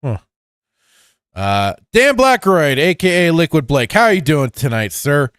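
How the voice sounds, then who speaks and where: A man's voice: on the high side, sing-song, measured pace, fairly bright tone, clean tone, no echo, clean studio sound. A man hosting a casual podcast, reading out chat messages and chatting loosely with many restarts and fillers. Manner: rambling, with frequent restarts and fillers, laughs often.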